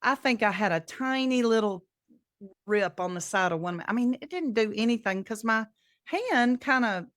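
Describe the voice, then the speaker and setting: This podcast co-host, a middle-aged woman, talks at a moderate pace in a slightly high voice. Chatting casually, she tells lively stories and acts out what people said. The recording is dry and studio quality.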